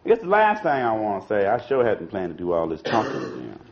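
A man's voice: on the low side, wildly swooping pitch, fast talker, background noise. A man giving an informal political talk to an audience, talking in a loose conversational way, repeating words and saying "you know" and "see" often. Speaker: speaker addressing an audience. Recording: dull lo-fi archival recording.

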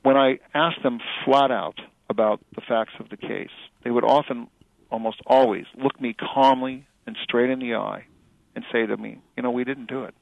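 A middle-aged male author and journalist answering interview questions in a thoughtful, halting way with many fillers and restarts. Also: medium pitch, fairly even intonation, gravelly, no echo. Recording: dry tinny phone-like radio audio.

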